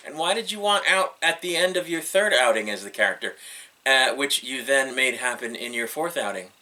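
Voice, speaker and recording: A man's voice: medium pitch, lively intonation, normal speed, pushed and bright, slight background noise. A middle-aged man giving casual, rambling solo commentary on entertainment news, wry and skeptical, with frequent ums and uhs.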